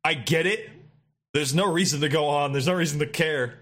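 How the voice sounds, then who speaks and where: A man's voice: a little high, moderate pace, fairly bright tone. A man chatting casually on a podcast, rambling, laughing often and swearing freely. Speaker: podcast co-host. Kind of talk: casual chat.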